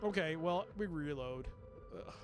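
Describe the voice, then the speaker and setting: A man live-streaming a video game, swearing loudly and laughing as he plays. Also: a little high, animated, measured pace, loud music behind the voice. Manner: loud swearing outbursts and laughter while playing.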